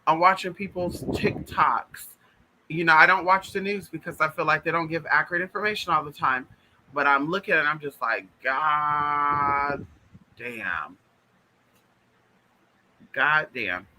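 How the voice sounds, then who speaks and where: Emphatic man with a sharp, bright voice. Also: on the high side, fairly quick, a little hiss or hum, rough recording. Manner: emphatic, repetitive, calls viewers honey and y'all. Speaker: spiritual vlogger. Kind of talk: casual direct-to-camera monologue.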